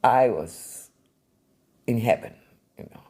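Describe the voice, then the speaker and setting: An older woman, an art collector and museum founder, telling anecdotes in an interview in an animated, vivid way. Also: extremely low pitch, takes it slowly, breathy edge.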